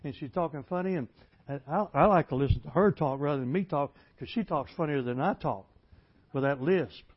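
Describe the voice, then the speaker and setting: A man preaching a folksy storytelling sermon, plainspoken and building to loud, emphatic passages. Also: a little high, brisk, slightly rough. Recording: dull lo-fi recording.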